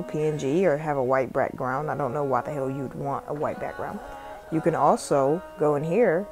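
Low-voiced Southern woman, profane and chatty. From South Carolina. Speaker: tutorial vlogger and music artist. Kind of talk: casual screen-recording voiceover. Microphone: phone microphone.

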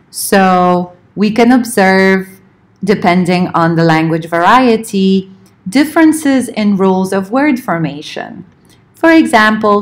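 Slow, measured woman giving a lecture. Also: lowish voice. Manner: measured, explanatory, slows to spell out examples. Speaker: linguistics lecturer. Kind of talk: recorded lecture.

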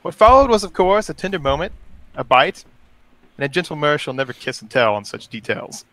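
A man's voice: a little high, sing-song, a little fast, bright, forceful tone. A man reading a role-play story aloud as a courtly, lovesick elf lord with flowery, pompous phrasing. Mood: wistful.

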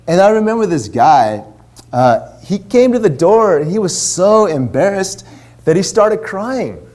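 A man's voice: sits high, a little mellow. A man in his forties, a minister, telling a story in a sermon in a casual, chatty way full of asides. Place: church.

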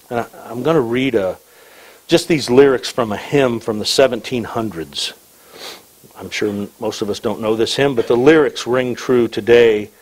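A man preaching a sermon in a husky, slightly rough voice. He reads scripture with slow, deliberate weight, then drops into wry, light asides, and his pitch sits in an ordinary middle register. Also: poor audio. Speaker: pastor.

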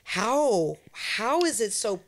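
A woman's voice: medium pitch, big pitch swings, slow pace. A woman singer, a podcast guest, chatting casually in a candid, outspoken way. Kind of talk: casual chat.

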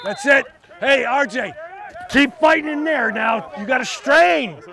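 A man's voice: extremely high pitch, measured pace, a crowd in the background. A man coaching football at an outdoor practice through a body mic, barking short commands and praise at his players. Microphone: body-worn mic.

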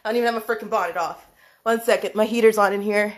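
A woman hosting a heated live stream rant from a room indoors. She is animated and emphatic, laughs often, swears, and repeats her points. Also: medium pitch, quick pace. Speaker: livestream host, dance choreographer. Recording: echoey room.

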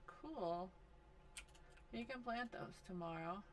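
A woman's voice: mid-range voice, animated, takes it slowly, a little hiss or hum. A woman giving casual commentary over a life simulation game, talking to and scolding her characters with frequent exasperation. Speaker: gaming video host.

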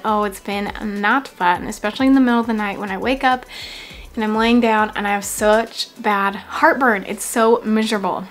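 Chatty young woman, slightly high. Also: a bit bright. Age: young adult. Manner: chatty, apologetic, laughs often. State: short of breath. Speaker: vlogger. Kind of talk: casual pregnancy update vlog. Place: at home.

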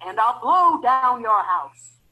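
A woman voicing a big bad male wolf in a storybook reading, with loud, blustering threats. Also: fairly high pitch, sing-song, slow pace, slight background noise, exaggerated voice, low-quality recording. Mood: roaring threats.

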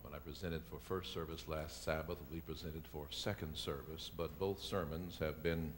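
A man, a pastor, delivering a sermon and building to loud, emphatic preaching. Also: extremely low pitch, fairly even intonation, moderate pace, slight background noise.

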